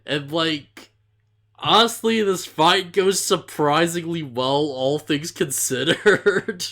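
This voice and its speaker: A man's voice: a little high, slow pace, a bit bright. A man co-hosting an anime podcast, chatting casually in a laid-back way, often chuckling and stumbling over names. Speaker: podcast co-host. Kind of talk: casual anime recap chat.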